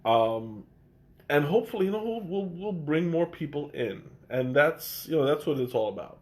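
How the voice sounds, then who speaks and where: Sipping tea on a live stream, a man chats in a fairly high, expressive voice at a moderate pace with a slightly mellow quality. His voice is congested, and his hesitant delivery is packed with fillers and restarts.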